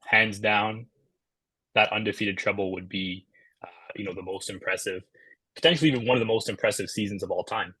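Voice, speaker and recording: A man appearing as a podcast guest, talking casually and quickly with many fillers like "you know". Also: on the low side, fairly even intonation, pushed and bright, husky, dry recording, rough recording. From Canada.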